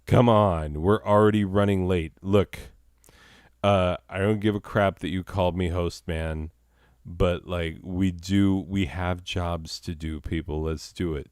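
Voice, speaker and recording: A man's voice: deep voice, steady tone, unhurried, a little mellow, clean tone, no echo, clean studio sound. A man hosting a comedy show, rambling through improvised, self-mocking banter full of fillers.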